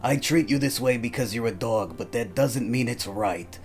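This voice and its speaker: A man's voice: mid-range voice, normal speed, faint music behind. A man playing a tabletop game in character, hesitant and giggly, stammering through his lines. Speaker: player. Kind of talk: in-character role-play.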